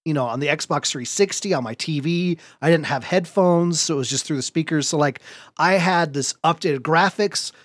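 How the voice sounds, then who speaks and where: A man hosting a podcast, telling a story in lively casual chat, laughing often and swearing now and then. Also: fairly high pitch, normal speed, no room sound. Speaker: podcast host.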